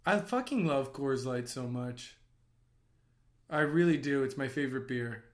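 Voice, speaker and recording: A man who works as an actor and writer, giving casual watch-along commentary on a film in an excitable, gushing way that bursts into yelling. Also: medium pitch, a little slow.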